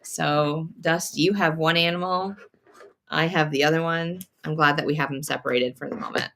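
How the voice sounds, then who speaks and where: A woman's voice: deep voice, steady tone, normal speed, vocal fry, a little hiss or hum. A woman hosting a sewing live stream, chatting and reading viewer comments aloud as she works. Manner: thinks out loud, many fillers and restarts. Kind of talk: casual live-stream chat.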